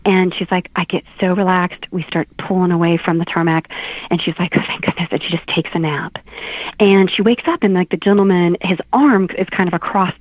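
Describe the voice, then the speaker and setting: Animated woman on a tinny line. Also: fairly low pitch, normal speed, no room sound. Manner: animated storyteller, laughs often. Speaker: guest author. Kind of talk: casual talk-show chat.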